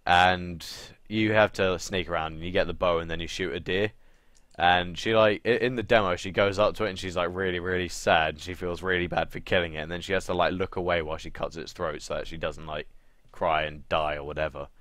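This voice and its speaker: A man's voice: deep voice, fairly even intonation, brisk, fairly bright tone, no echo, clean studio sound. A young man co-hosting a casual gaming podcast, sarcastic, swearing often and acting out quotes. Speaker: podcast co-host. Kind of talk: casual chat.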